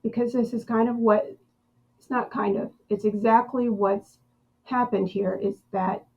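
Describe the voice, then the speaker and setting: A woman hosting a podcast interview, speaking thoughtfully with frequent pauses and fillers. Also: mid-range voice, husky, dull audio. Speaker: podcast host.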